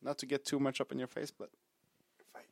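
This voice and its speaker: A man's voice: medium pitch, monotone, fast talker, creaky, a little mellow. A man in a casual podcast chat, playful and goofy, often restarting his sentences. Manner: playful, stumbling restarts, wordplay.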